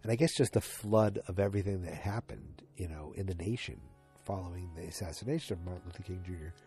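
A man's voice: low-pitched, fast, dark tone, soft background music. A man casually recapping a TV episode, rambling with many fillers and restarts.

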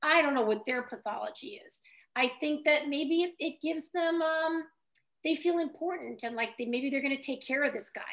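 Woman guest, high voice, chatty and halting storyteller. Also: a bit bright. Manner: chatty, hesitant storyteller with many restarts. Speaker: guest writer. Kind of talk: casual interview talk.

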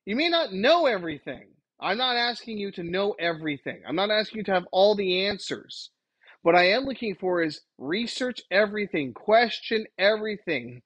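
A podcast host lecturing listeners in an emphatic, exasperated solo rant. The voice has a husky edge at a mid pitch. The recording is dry and close, with no room sound. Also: no room sound, rough recording.

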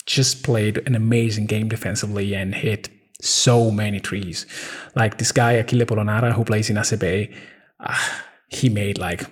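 A man in his thirties with an Italian accent, chatting casually as a podcast co-host, halting with many ums and restarts. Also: lowish voice, husky. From Italy. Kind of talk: casual chat.

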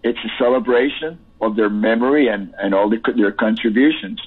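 A male musician reminisces in a phone interview, rambling and reflective with many restarts. His voice is husky and of average pitch. The line is thin and tinny. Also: moderate pace. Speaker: musician guest.

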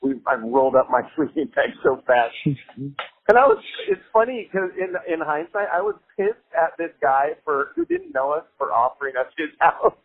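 A man's voice: a little high, normal speed, no echo. Young man, casual storyteller, chuckles and swears, lots of "like", tinny narrow sound. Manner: animated, laughs often, many "like" fillers, swears casually. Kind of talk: casual anecdote telling. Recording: phone-like line with faint music.

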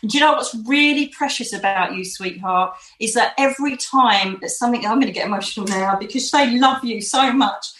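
A woman's voice: on the high side, fairly bright tone. Rambling woman medium, roomy echo. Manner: emotive, reassuring, rambling. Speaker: psychic medium. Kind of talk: live psychic reading.

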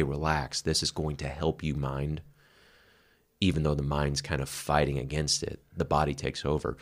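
A man co-hosting a podcast, talking candidly and reflectively about his past, swearing casually. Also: extremely low pitch. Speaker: podcast co-host. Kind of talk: candid conversational chat.

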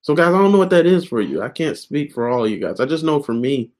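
A man's voice: a little high, very animated, fast, a little mellow. A young adult man giving a casual video devotional. He rambles earnestly and keeps dropping "man" and "guys" as he speaks. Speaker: online Bible teacher.

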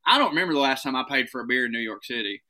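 A man with a Southern American accent, a stand-up comedian telling stories in an animated, profane, casual chat. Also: medium pitch, rapid-fire. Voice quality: animated storytelling, swearing freely.

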